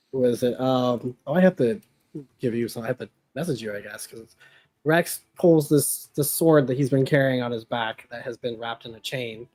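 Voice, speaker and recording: A man's voice: medium pitch, a little mellow, no room sound. A man playing a tabletop role-playing game, hesitantly describing what his character does. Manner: hesitant, with fillers. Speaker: player.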